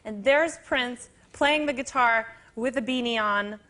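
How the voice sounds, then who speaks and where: A woman's voice: on the high side, measured pace, sharp tone. A woman telling a breezy, casual story as an interview guest. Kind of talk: anecdote in an interview.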